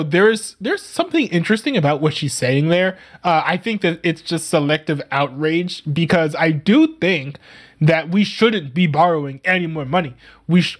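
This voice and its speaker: A speaker giving casual reaction commentary, mocking an article read aloud and laughing often between remarks. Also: medium pitch. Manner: reads text aloud and scoffs at it.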